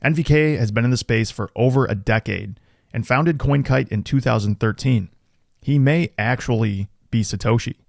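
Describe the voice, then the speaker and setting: Male podcast host, gravelly voice, dry close sound, laid-back joking banter. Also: medium pitch, moderate pace, no room sound. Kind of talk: casual podcast chat.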